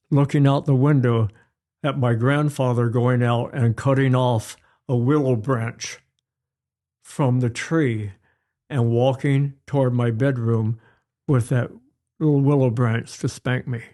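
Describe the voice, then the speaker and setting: Slow-spoken older man, mellow tone. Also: medium pitch, steady tone. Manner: unhurried, storytelling, acts out examples. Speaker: pediatrician guest. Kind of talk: advice-giving interview chat.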